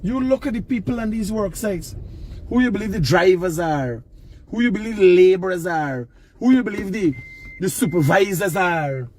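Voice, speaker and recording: High-voiced Guyanese man lecturing outdoors. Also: expressive, moderate pace, darkish tone, a little hiss or hum. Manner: lecturing, emphatic, Creole-laced. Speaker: vlogger. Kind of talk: casual street vlog talk. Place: outdoors near work sites.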